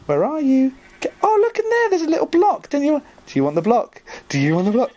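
A young man giving casual, excitable let's-play commentary, joking at his own expense and easily flustered as he plays. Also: high voice, brisk. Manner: excitable, jokey, easily flustered, self-mocking. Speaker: gaming video host.

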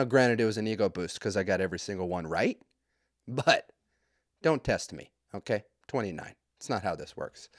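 A man's voice: lowish voice, dry recording. Profane joking man, dry close sound. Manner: profane, rambling and joking, with quick asides. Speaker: podcast host. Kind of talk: comedic storytelling.

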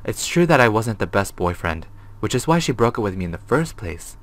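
A man's voice: lowish voice, big pitch swings, brisk. A man voicing a frightened, guilt-ridden male former tenant, reading his diary note aloud in a put-on accent. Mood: fearful. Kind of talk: reading game text aloud.

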